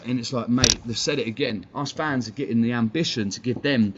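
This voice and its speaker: A man's voice: medium pitch, a little fast, hardly any pauses, lo-fi sound, slight background noise. A man with an English accent ranting on a live stream, blunt and profane, talking straight at his chat. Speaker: fan channel streamer. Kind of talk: heated live-stream rant.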